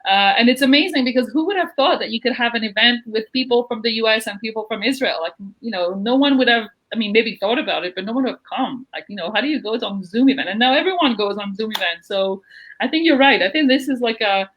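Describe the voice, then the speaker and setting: A woman's voice: fairly high pitch, lively intonation, quick pace, highs cut off. A woman hosting a live video-call interview, gushing and effusive in manner. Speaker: host of an online interview show. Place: at home in Jerusalem.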